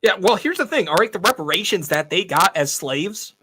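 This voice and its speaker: Bright, joking man in a closet. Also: sits high, lively intonation, brisk, breathy edge, poor audio. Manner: blunt, joking, stammering starts. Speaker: podcast guest. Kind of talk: casual chat, livestream. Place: walk-in closet. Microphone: cheap USB mic.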